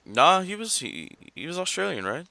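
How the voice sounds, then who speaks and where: A man co-hosting a casual wrestling podcast, reading fan mail and rambling through his opinions in an animated way. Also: fairly high pitch, moderate pace, creaky, dry recording. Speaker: podcast co-host.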